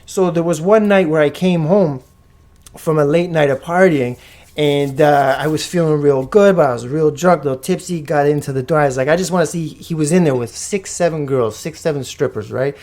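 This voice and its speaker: A man casually telling a wild story on a podcast, animated and slangy, with frequent swearing. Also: fairly high pitch, normal speed. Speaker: podcast guest or co-host.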